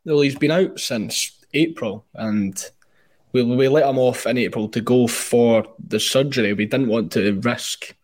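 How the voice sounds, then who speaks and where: Male panelist, measured conversational talker. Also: mid-range voice, darkish tone. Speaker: podcast guest. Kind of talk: casual football chat.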